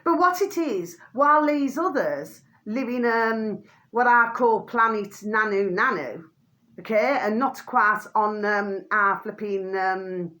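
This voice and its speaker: A woman's voice: mid-range voice, slow, bright, forceful tone. A middle-aged woman from the UK ranting to camera as a vlogger, blunt and fiery, swearing freely and repeating the same pet phrase. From United Kingdom.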